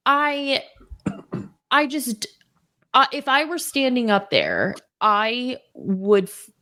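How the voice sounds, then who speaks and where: A woman's voice: fairly high pitch, sing-song, slow pace, sharp tone. Chatty female radio co-host. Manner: laughing, chatty. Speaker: radio co-host, news reader. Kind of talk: casual chat and news reading. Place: radio studio.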